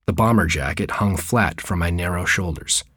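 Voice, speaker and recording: Low-voiced guy reading his own funny story, dry deadpan tone, no room sound. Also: moderate pace, husky, no echo. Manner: wry, deadpan humor. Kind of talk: reading a personal memoir story aloud.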